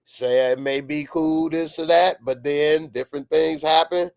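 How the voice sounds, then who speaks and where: A man giving a casual, excitable reaction to a TV episode as the channel's host, laughing often and sometimes rising to shouts. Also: a little high, measured pace, no room sound, studio quality. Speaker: TV show reviewer.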